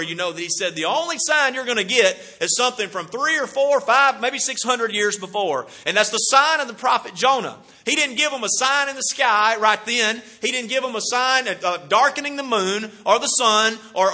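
A middle-aged man preaching a sermon, swinging from loud bursts to hushed asides. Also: sits high, expressive, moderate pace.

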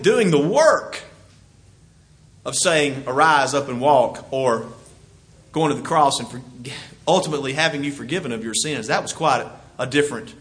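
A man preaching a sermon. He swings from loud exclamations to quiet asides, chuckles as he goes, and keeps asking his listeners questions. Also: on the high side, slightly rough.

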